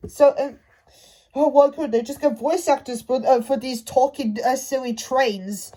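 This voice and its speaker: Brief: high-pitched woman, fan rant, halting delivery full of restarts. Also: mellow. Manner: halting, stumbling, many restarts. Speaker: fan commentator. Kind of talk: casual rant to camera.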